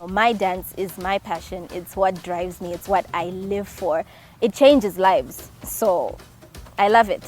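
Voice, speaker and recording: A woman's voice: medium pitch, slow pace, darkish tone. Zimbabwean woman, dance instructor, earnest interview talk, faint music bed. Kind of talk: interview testimony.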